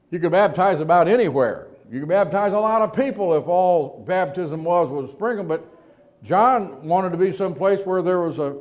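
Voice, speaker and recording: A man preaching a sermon, asking rhetorical questions and slowing down to stress key words, with quiet asides between louder emphatic points. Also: on the high side.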